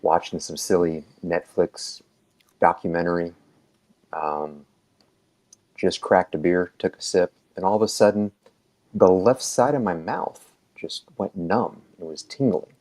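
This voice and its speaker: A man with a very low, deep voice tells a long story in a relaxed podcast chat. He rambles, restarts his sentences and fills the gaps with "um"s, then slips into the voices of the people in the story. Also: a little slow. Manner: rambling, filler-heavy, acts out quoted dialogue. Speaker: EMT telling his story.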